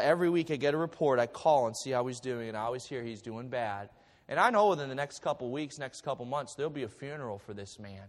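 Animated pastor in an echoing hall. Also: male voice, on the high side. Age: 40s. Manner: animated storytelling with stammered restarts and jokes. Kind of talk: sermon.

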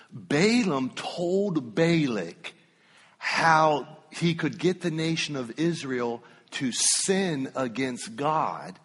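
Husky preacher man in a reverberant hall. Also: mid-range voice. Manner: animated storytelling, swinging from loud to hushed. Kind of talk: sermon. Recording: long reverb of a church hall.

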